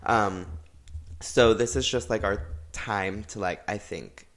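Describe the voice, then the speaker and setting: A man's voice: fairly low pitch, slow, fairly bright tone. Chatty young man podcast co-host. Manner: chatty, lots of "like" and "literally", laughs often. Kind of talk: casual chat.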